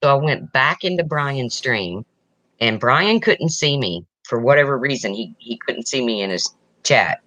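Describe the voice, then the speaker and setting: A woman with a bright, tense voice tells a story in a casual chat. She retells events in an animated way. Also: a bass voice, measured pace, dry recording, poor audio.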